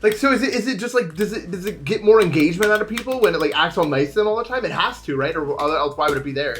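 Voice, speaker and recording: A young man streaming, chatting casually with viewers in a rambling, animated way. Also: high-pitched, fast talker. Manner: rambling, animated, swings into shouting.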